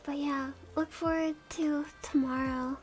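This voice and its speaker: A woman's voice: high-pitched, steady tone, a little slow, faint music behind. A woman streaming casual chat, giggly, thanking subscribers one by one. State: has the hiccups.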